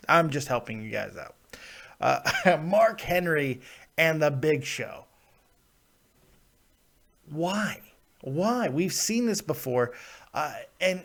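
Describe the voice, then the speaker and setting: A man hosting a live wrestling review show, ranting with lots of swearing and laughs, and he is coming down with a cold. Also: fairly high pitch. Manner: ranting, profane, laughs often. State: getting sick, plugged ears. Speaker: podcast host.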